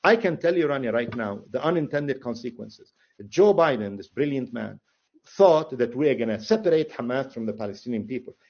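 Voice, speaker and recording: A man's voice: medium pitch, lively intonation, a little fast, slightly rough. Sarcastic man on dull lo-fi audio. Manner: sarcastic, mocking, laughs often. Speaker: interview guest, political commentator. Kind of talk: conversational interview.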